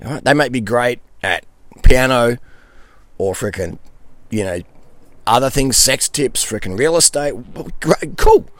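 Blunt, animated middle-aged man. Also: medium pitch, unhurried, pauses often, no echo. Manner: laughs between points. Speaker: nutrition coach. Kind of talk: answering viewer questions in a monologue.

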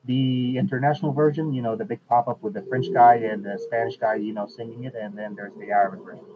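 A man hosting a casual chat at a medium pitch, in an unhurried way. He fills pauses with "uh" and often restarts his sentences. His voice comes through a thin, tinny line like a phone call. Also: steady tone, noisy background. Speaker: podcast host.

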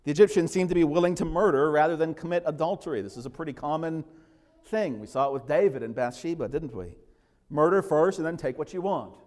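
A man preaching in a church sanctuary, his fairly high voice carrying a long reverb off the hall. He is a pastor giving an expository sermon and tells the story vividly, acting out voices as he goes. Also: a little mellow.

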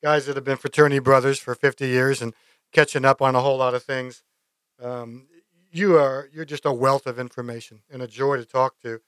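A man's voice: mid-range voice, fairly even intonation, brisk, clean tone, no room sound. A man hosting a podcast interview, talking in an easy, enthusiastic way. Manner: warm, enthusiastic praise, friendly chat. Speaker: podcast host. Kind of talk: casual interview.

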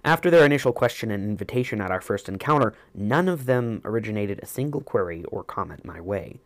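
A man narrates a first-person story in a measured, reflective manner. His voice sits low, and the recording is dry and close with no room sound. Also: animated, no room sound. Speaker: audiobook narrator.

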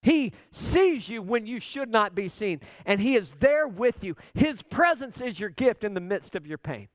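A man's voice: high-pitched, sing-song, moderate pace, dry recording. A man preaching a sermon as a pastor, conversational and emphatic, with asides to the listeners.

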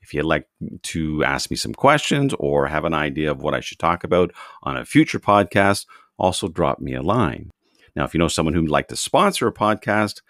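Deep, lively-voiced Canadian podcast host. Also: male voice, dry recording, clean studio sound. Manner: chatty storytelling with restarts and playful asides. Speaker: podcast host, driving instructor. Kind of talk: casual monologue podcast.

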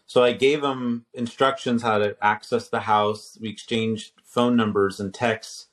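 A man's voice: lowish voice, steady tone, unhurried, hardly any pauses. A man in his fifties who teaches at a seminary, telling a story in casual conversation, restarting sentences and quoting himself and others.

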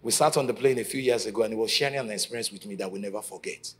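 A man preaching a sermon at a conference, telling stories and acting out the quotes, from shouting to near whispers. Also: lowish voice, racing. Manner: dramatic storytelling, acting out quotes, swinging from shouts to hushed lines. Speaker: pastor. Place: conference stage.

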